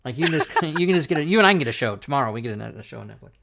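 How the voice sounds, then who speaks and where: A middle-aged man hosting a talk show, telling an animated, profane anecdote in casual chat. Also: fairly high pitch, very fast, creaky, background noise.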